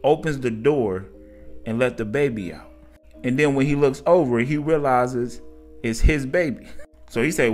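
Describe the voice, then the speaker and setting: A man narrating a casual story in a conversational, slangy, animated way. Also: mid-range voice, moderate pace, soft background music.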